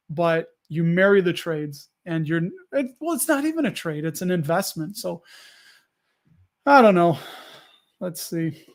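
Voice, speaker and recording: Casual stream host, man with a high voice, loose and rambling, talks back to his chat. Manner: rambling, restarts sentences, answers viewers.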